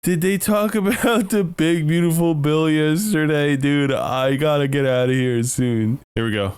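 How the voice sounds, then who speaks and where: A young man does comedic commentary over news clips, his voice sitting a little high. He rants and swears in goofy, loud bursts. His pitch jumps up sharply when he gets worked up. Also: measured pace, clear, resonant tone. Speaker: streamer reacting to news clips.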